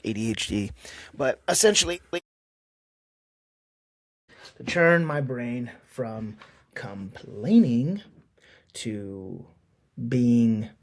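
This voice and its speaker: This is a casual solo podcast monologue from its male host, whose medium-pitched voice carries no room sound. His talk is candid and loose, wandering along with many fillers.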